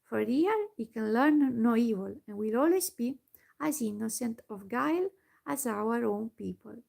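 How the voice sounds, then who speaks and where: A woman voicing a kind young fairy ruler in whispered role-play, speaking calmly. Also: a little high, a little slow, creaky, exaggerated voice. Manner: calm, gentle suggesting.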